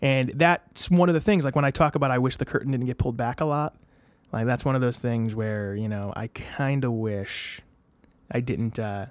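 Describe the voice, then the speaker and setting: A man telling wrestling stories as a podcast guest, animated and acting out the voices of the people in his stories. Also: medium pitch, normal speed, no room sound. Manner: animated, acts out quoted voices. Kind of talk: casual podcast storytelling.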